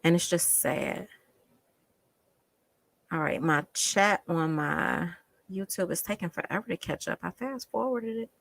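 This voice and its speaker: A woman's voice: fairly low pitch, measured pace, vocal fry, pauses often, a bit bright. A woman doing casual live-stream commentary, emphatic and exasperated, often repeating phrases for effect.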